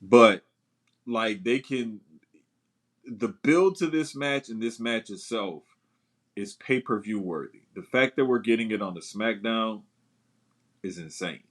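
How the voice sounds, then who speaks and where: A man's voice: fairly low pitch, a little slow, pauses often, a bit bright. A man co-hosting a casual wrestling podcast, enthusiastic, swearing casually and laughing along. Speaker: podcast co-host.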